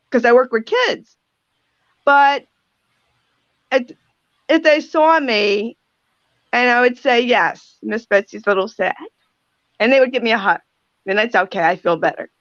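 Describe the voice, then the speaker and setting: Older woman, talk radio host, gentle and reflective delivery, slightly dull close-miked sound. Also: fairly high pitch, no room sound. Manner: reflective, pausing, softly emotional storytelling. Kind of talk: heartfelt conversational talk.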